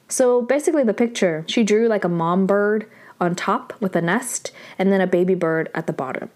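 A young woman talks through a drama episode on her podcast, animated and full of 'like' and 'um'. Her pitch sits in the middle for a woman. She jumps up in excitement at the surprises. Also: normal speed. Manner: animated, filler-heavy, many 'like's. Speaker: podcast host. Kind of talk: casual episode recap.

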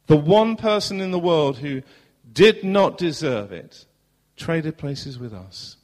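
A man with a southern English accent preaching a sermon as pastor in a church, earnest, asking rhetorical questions and moving between loud and hushed passages. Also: on the high side, very animated, slow, hardly any pauses. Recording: long hall reverb.

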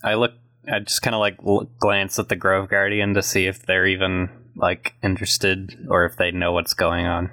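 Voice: sits low, little pitch movement, normal speed, pushed and bright, no room sound. 아주 낮은 목소리의 느긋한 플레이어. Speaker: player. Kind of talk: casual tabletop play.

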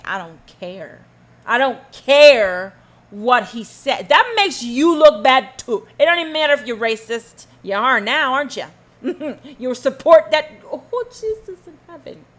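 A woman's voice: mid-range voice, vocal fry, a bit bright. A woman hosting a solo podcast, ranting emphatically and sarcastically, firing rhetorical questions and humming asides. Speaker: podcast host.

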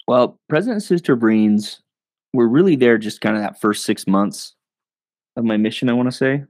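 A man, a podcast guest, telling stories in a loose, animated way, full of fillers and quick laughs. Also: mid-range voice, no room sound. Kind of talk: casual storytelling.

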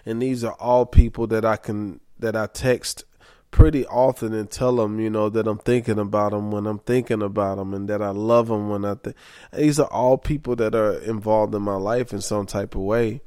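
Tired man talking candidly, low voice. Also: steady tone, moderate pace, mellow, clean tone, no echo, clean studio sound. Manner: candid, emphatic, says okay often. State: sleep-deprived, tired. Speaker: vlogger. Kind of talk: casual personal monologue.

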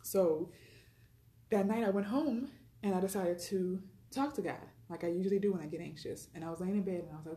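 Brief: woman, lowish mellow voice, quick chatty storyteller full of fillers. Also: echoey room. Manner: chatty, retells dialogue, frequent fillers. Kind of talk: personal storytelling.

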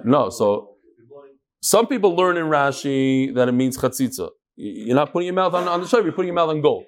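Guy giving a talmud shiur, kinda high voice, jokes around a lot, tosses in hebrew and yiddish words. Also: fairly quick. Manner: lively, joking, full of Hebrew and Yiddish terms. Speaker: Talmud teacher. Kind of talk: daf lesson to a live class.

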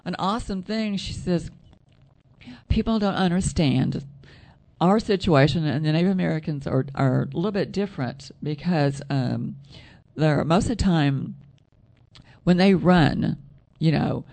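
A woman telling a personal story in casual chat, soft-voiced, rambling and correcting herself as she goes. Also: low voice, measured pace, creaky. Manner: rambling, self-correcting storyteller with frequent laughs.

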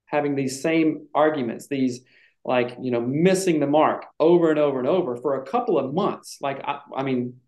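A man's voice: medium pitch, moderate pace, darkish tone. A man telling a personal story in casual chat, reflective and emotional at times. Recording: echoey room.

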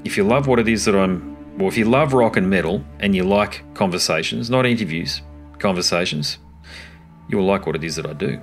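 A very deep-voiced man wraps up his podcast episode. He talks chattily and directly to his listeners. Faint music plays quietly underneath. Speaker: podcast host. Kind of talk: podcast outro.

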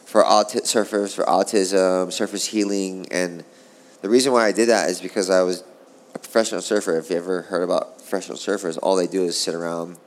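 A middle-aged man, a former pro surfer, telling stories in a casual interview, animated and profane, rambling along. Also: deep voice, brisk.

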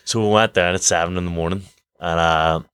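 A man's voice: sits low, fairly even intonation, a little fast, a bit bright, clean tone, dry recording. A man, a boxer telling sweary, laughing anecdotes in casual chat. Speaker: guest boxer.

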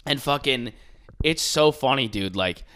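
Animated joking man with a bright voice. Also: medium pitch, a little slow. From New York. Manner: animated, swearing, mimics hecklers in loud voices. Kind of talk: casual comedic storytelling.

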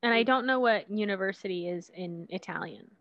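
A woman's voice: medium pitch, brisk, dry recording. A woman playing along in a guessing game, offering tentative suggestions and hesitating often. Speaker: co-player. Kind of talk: casual gameplay chat. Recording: dull, dry lo-fi audio.

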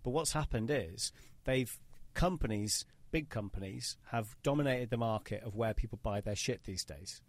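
A man hosting a casual podcast conversation. He is emphatic and opinionated and keeps rambling through his points at a middling pitch. The recording is dry and close. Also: moderate pace, few pauses, dry recording. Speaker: podcast host. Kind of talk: casual interview chat.

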